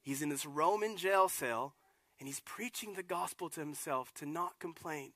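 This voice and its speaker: A man, a lead pastor, preaching a sermon in a casual, animated way with acted-out asides. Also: fairly high pitch, moderate pace, no room sound.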